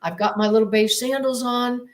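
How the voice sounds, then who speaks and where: A woman's voice: a little high, steady tone, normal speed. A woman guest on an interview podcast, recounting a personal experience as a vivid storyteller who repeats words for emphasis and acts out what she said. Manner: vivid storyteller who acts out her own past exclamations.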